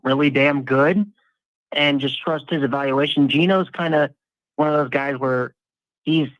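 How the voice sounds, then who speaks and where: A man's voice: fairly high pitch, steady tone, unhurried, no room sound. Man breaking down football, slightly muffled. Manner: analytical, rambling with restarts. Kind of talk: casual sports talk.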